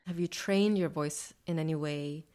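A woman interviewer asking calm, measured questions about someone's voice. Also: sits low.

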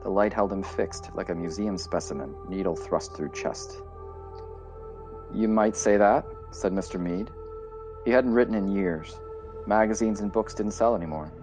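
A man narrating a story in a measured, deliberate reading style. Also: deep voice, a little mellow. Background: faint music.

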